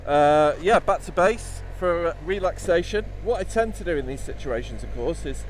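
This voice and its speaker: A man's voice: on the high side, lively intonation, normal speed, slight background noise. A man vlogging about a motorcycle trip, rambling, sardonic and full of swearing. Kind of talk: casual chat to camera.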